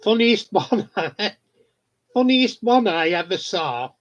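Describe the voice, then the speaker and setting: A man's voice: sits high, big pitch swings, slow. A man chatting casually on a live stream, telling funny stories, swearing freely and laughing often. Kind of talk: casual chat. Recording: dull lo-fi sound.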